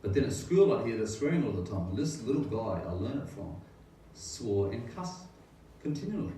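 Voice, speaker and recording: A man's voice: medium pitch, very animated, moderate pace, dark tone. A middle-aged man, a pastor, earnestly telling his faith testimony in a rambling way with rhetorical questions. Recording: very echoey room, distant mic, faint noise.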